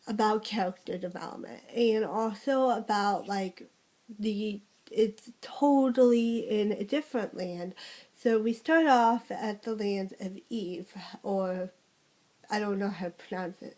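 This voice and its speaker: A woman's voice: mid-range voice, darkish tone, poor audio. A young woman chatting casually through a monthly book wrap-up, rambling with lots of fillers and restarts. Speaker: book vlogger. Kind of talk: casual book review vlog.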